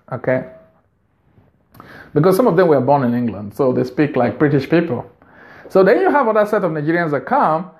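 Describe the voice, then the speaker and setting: A man's voice: a little high, darkish tone. A man hosting a video, giving business advice in an unscripted monologue, earnest and repeating phrases for emphasis.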